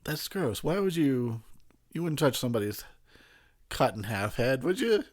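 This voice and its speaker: A man's voice: medium pitch, big pitch swings, normal speed. A man who is drunk, giving a rambling, profane film commentary between frequent laughs. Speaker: commentary host.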